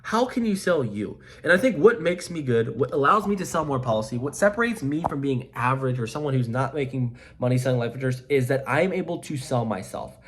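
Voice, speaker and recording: A man's voice: mid-range voice, lively intonation, a little fast, hardly any pauses, a little hiss or hum. A man coaching life insurance sales in an emphatic, repetitive pep-talk to camera. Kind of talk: motivational coaching monologue to camera.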